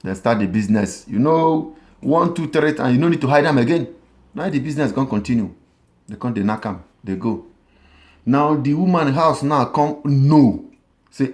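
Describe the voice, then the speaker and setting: Animated Nigerian Pidgin storyteller, man. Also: mid-range voice, moderate pace. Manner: animated, repetitive, sly asides. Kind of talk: comic oral storytelling.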